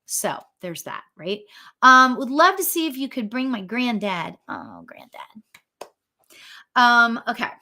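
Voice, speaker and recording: Woman medium, high and bright, gushing and rambling through a live reading. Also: measured pace. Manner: chatty, excitable, full of fillers and restarts. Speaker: psychic medium. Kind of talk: live spirit reading for viewers.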